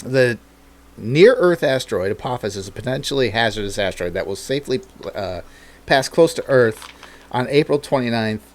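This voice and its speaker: A man in loose conversation, talking in a rambling, profane way with frequent laughter. His voice sits at an ordinary middle pitch. He sounds like a regular host chatting with a friend. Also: animated, moderate pace. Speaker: podcast host. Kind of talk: casual chat.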